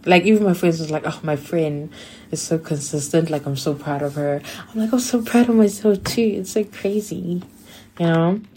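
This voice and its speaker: A young woman from South Africa hosting her own podcast, chatting casually and excitedly with many "like" fillers. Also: lowish voice, moderate pace, a little hiss or hum. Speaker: podcast host. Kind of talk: casual solo podcast monologue.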